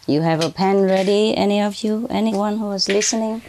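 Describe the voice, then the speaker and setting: A woman spiritual teacher addressing an audience under bright spotlights, speaking in halting, broken English with frequent "okay" and "huh". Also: mid-range voice. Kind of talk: addressing an audience from a prepared reading.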